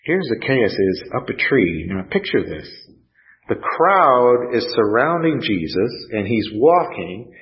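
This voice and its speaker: A man preaching a sermon, earnest and pausing, lifting his voice when he quotes scripture. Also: medium pitch, very animated. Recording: dull lo-fi sound.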